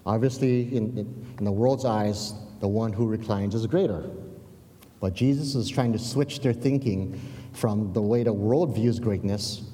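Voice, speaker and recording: A man delivering a sermon in a relaxed, conversational manner, stumbling over and repeating words as he goes and checking in with his listeners. His voice sits low and sounds mellow and warm. The sound carries a long reverb, as if in a large hall. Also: unhurried, slight background noise. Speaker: pastor.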